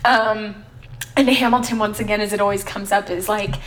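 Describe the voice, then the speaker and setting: A woman's voice: mid-range voice, steady tone, moderate pace, a bit bright, a little hiss or hum. A woman hosting a podcast in casual chat, talking loosely with many fillers and frequent laughs. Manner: chatty, full of "um" and "like", laughs often. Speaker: podcast host.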